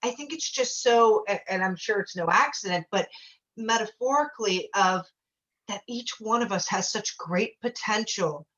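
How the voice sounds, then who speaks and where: A woman host with a bright, forceful voice, heaping praise on her guest and tripping over restarts as she goes. The audio is dull and lo-fi. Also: medium pitch, moderate pace. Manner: gushing and effusive, with many restarts. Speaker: talk show host. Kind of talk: interview on a video show.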